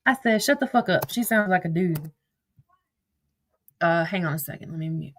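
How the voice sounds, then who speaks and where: A woman's voice: lowish voice, expressive, moderate pace. Woman commentator, blunt and foul-mouthed, reads out text messages casually and breaks into sudden outbursts. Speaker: social media drama commentator.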